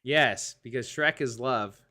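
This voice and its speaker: A man co-hosting a casual movie talk show, telling scenes with lively impressions. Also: mid-range voice, unhurried. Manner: animated, bursts into exaggerated impressions while retelling scenes. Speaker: co-host. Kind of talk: casual chat.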